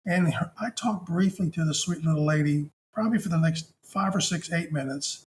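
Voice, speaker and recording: Speaking at a moderate pace over a faint hiss, a man whose voice sits somewhat higher than typical for men tells of a patient visit he made as a hospice chaplain. His storytelling is warm, gentle and conversational.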